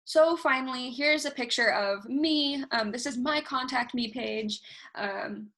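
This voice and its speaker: Fast-talking young woman, bright and gravelly. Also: sits high. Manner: self-described fast talker, animated, talks with hands. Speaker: university research workshop presenter. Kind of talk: casual instructional presentation. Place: alone, recording herself at a computer. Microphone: recorded through video call software.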